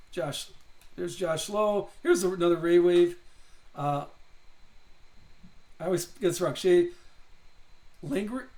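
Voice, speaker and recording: A young man with a high-pitched voice hosts a live card-opening stream. He talks casually to viewers, thinks out loud and reads names as he pulls each card. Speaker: card break host.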